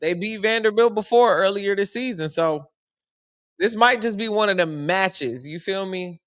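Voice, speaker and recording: A man's voice: sits high, moderate pace, clear, resonant tone, no echo, studio quality. A young man giving casual, joking live commentary on a basketball game. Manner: animated, joking, slangy and conversational. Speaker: sports commentary streamer.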